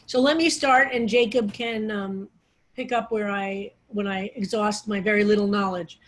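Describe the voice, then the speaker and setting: A woman's voice: mid-range voice, fairly even intonation, normal speed. A woman rabbi teaching a study group on a video call, explaining in a loose, digressive way with frequent restarts. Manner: digressive, restarts often, talks over her own phrasing.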